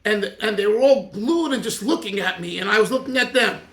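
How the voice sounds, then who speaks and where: A man teaching an informal Torah class as a rabbi, talking in an animated, digressive way with many restarts. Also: sits high, a little fast, reverberant.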